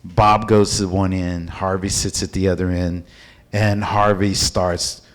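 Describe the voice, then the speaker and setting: A man from Houston, a company founder telling a story in an interview, animated and acting out the people in it. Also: low voice, a little slow. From Houston, Texas.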